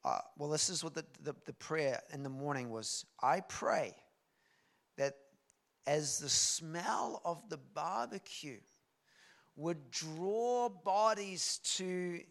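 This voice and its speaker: A man, a guest preacher telling a story in a sermon, animated and swinging from soft to loud. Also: on the high side, slow, vocal fry.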